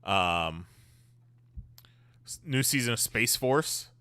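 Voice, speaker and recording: Bright, crisp-voiced man chatting on a podcast. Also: medium pitch, lively intonation, slow, dry recording. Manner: rambling, filler-heavy, swearing. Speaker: podcast host. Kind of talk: casual chat.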